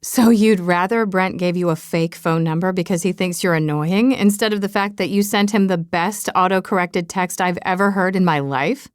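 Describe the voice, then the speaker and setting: A woman's voice: lowish voice, moderate pace, few pauses, clear, resonant tone, no room sound, clean studio sound, close to an everyday voice. A woman voicing a teasing, blunt young woman friend in an audiobook, breezy and unbothered. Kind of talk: audiobook dialogue reading.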